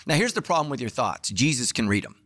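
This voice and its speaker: A middle-aged man preaching a sermon as a pastor, telling the story with acted-out dialogue and sudden swings between loud and hushed. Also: quick pace. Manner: animated storytelling, acting out dialogue with big pitch swings.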